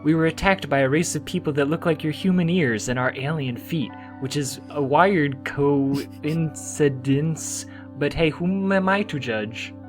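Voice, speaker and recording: A man's voice: fairly high pitch, unhurried, hardly any pauses, soft background music, lightly acted. A man voicing a laid-back tiny alien bug man in a comedic fanfiction reading, with an offhand, rambling delivery.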